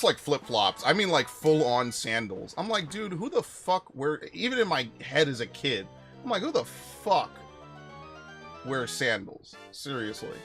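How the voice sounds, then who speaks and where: A young man live-streaming a game, talking in a loose, rambling way and swearing freely as he tells stories to his chat. His pitch sits in the middle of the male range, and he jumps into sharp, loud outbursts. Faint music plays behind him. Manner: rambling, profane, animated storytelling with sudden loud outbursts. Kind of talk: casual live-stream chat while playing.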